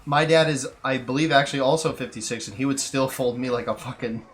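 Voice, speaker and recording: A young man co-hosting a casual podcast chat, telling profane, animated stories. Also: mid-range voice, fast talker, slight background noise. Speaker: podcast co-host.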